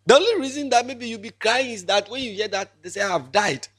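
A man's voice: extremely high pitch, fast talker, fairly bright tone, husky. A young man in his twenties with a Ghanaian accent, a pastor giving an emotional, joking farewell sermon with lots of repetition. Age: 20s.

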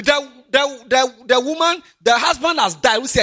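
Ghanaian male pastor, high husky voice, animated sermon delivery. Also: measured pace. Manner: animated, swings from quiet asides to loud emphatic preaching.

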